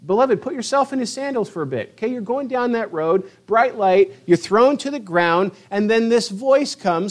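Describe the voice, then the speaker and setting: Passionate preaching man, fairly high voice. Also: lively intonation, moderate pace, few pauses. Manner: passionate preaching, dramatic quoted voices, swings from loud to hushed. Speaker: pastor. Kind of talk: sermon.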